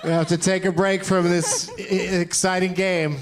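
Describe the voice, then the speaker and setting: A man's voice: high-pitched, level tone, normal speed, crowd noise. A man hosting a live comedy podcast, running a movie game with playful banter and frequent laughs.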